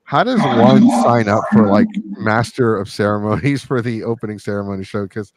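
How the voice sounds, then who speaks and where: A man hosting a podcast, telling stories in a crude, joking, animated way and laughing often. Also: lowish voice, moderate pace, no room sound. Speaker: podcast host. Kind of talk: casual storytelling chat.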